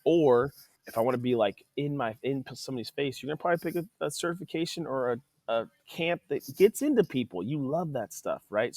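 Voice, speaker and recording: A man's voice: mid-range voice, dry recording. A man who owns a training facility, talking casually on a podcast and acting out quoted conversations. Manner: animated, acts out quoted dialogue.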